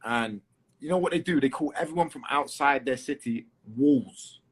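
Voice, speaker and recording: Chatty husky Englishman with a London accent. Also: medium pitch, normal speed. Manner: chatty, swears, fills with "um" and restarts. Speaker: guest fighter. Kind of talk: casual interview chat.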